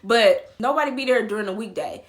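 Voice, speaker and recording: A young woman telling a storytime vlog in a casual, profane, animated way, acting out her own quotes loudly. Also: fairly high pitch, brisk. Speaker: vlogger.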